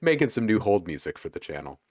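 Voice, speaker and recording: Low-voiced man hosting a livestream. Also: fast, no echo, studio quality. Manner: joking, relaxed, talks to chat while browsing. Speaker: livestream host. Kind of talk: casual livestream chat.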